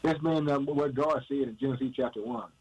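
Casting: husky man, mid-range voice, preacher who fires questions at himself, calls everyone "man". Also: mid-range voice, a little fast, darkish tone, low-quality recording. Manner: asks and answers his own questions, peppered with "man"; emphatic, repetitive cadence. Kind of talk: informal sermon.

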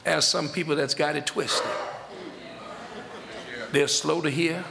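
A man's voice: a little high, steady tone, slow pace, creaky, heavy background noise. A man preaching a sermon in an emphatic, folksy style, repeating phrases and stretching words out for stress. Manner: folksy Southern-style preaching with loose grammar. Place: church sanctuary. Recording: echoey hall sound.

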